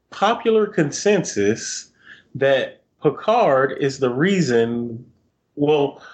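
A man co-hosting a podcast, telling stories in a rambling, chatty way. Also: medium pitch. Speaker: podcast co-host. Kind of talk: casual podcast chat.

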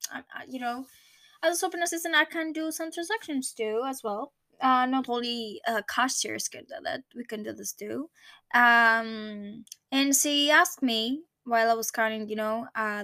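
A woman's voice: fairly high pitch, bright, forceful tone, no room sound, studio quality. A woman in her twenties with a Greek accent, telling a personal story in English and often stopping to search for the right words. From Greece. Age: 20s. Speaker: vlogger.

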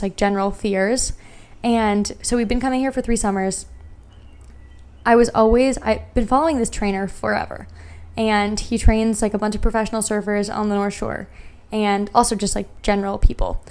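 A woman's voice: mid-range voice, a little mellow, smooth. A young woman hosting her podcast, chatting casually and gushing, with lots of "like" fillers. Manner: chatty and gushing, heavy use of "like". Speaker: podcast host. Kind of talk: casual solo podcast chat.

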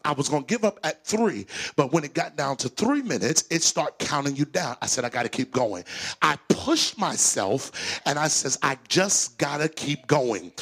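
Male preacher with a fairly high voice, storytelling sermon that climbs from quiet to loud. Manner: builds from low and quiet to loud and high-pitched.

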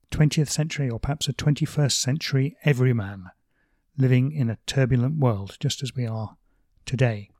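A man hosts a podcast in a measured, thoughtful manner and lets in a lightly wry note now and then. His voice is mellow and warm. The sound is dry and close to the mic. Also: medium pitch, no room sound. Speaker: podcast host and blogger. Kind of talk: scripted podcast commentary.

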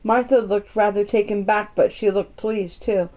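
A woman reading a children's story aloud in a gentle, homey storytime manner. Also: medium pitch, fairly even intonation, moderate pace. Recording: muffled lo-fi recording.

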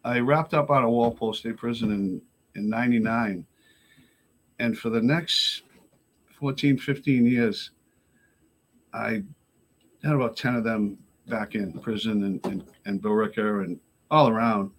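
A man's voice: lowish voice, fairly even intonation, a little slow, long pauses. A middle-aged man, a podcast guest telling his recovery story in a rambling, profane way full of "you know". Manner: rambling, profane, frequent 'you know'. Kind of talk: casual storytelling.

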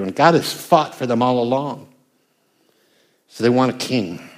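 A man's voice: medium pitch, lively intonation, unhurried. An older American man, a pastor, preaching a conversational sermon with emphatic bursts. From United States.

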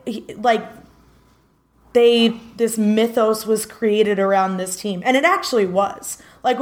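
A woman co-hosting a casual podcast, telling a story in a rambling way with many fillers. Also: a little high. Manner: rambling, lots of filler words. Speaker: podcast co-host.

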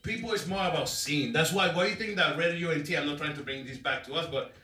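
A man's voice: fairly high pitch, fast talker, pushed and bright, echoey room, distant mic, faint music behind, low-quality recording. A man co-hosting a casual talk show, blunt and teasing with short dry remarks. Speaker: co-host.

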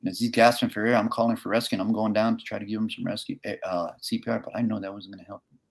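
A man with a rough, gravelly voice speaks with earnest conviction. He tells a gripping personal story, then lays out his political plans with building intensity and punchy repetition. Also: lowish voice, level tone, racing. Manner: earnest, impassioned, rises to near-shouting. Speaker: congressional candidate. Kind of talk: emotional storytelling and campaign pitch.

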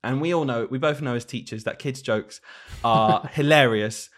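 A man's voice: mid-range voice, normal speed, fairly bright tone. Guy, teacher on a podcast, chatty, keeps laughing through his stories. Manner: laughs often while telling stories. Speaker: podcast co-host, primary school teacher. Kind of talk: casual chat.

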